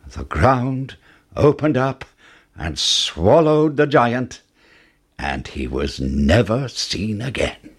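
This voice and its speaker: Slow, husky man reading a storybook. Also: mid-range voice, big pitch swings. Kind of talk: storybook reading with character voices.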